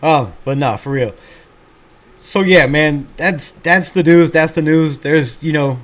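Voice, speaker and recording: A man's voice: on the high side, measured pace, fairly bright tone. A man hosting a fan livestream, chatting casually and reading out viewer comments in a laid-back, swearing, self-mocking way. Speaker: fan channel livestream host.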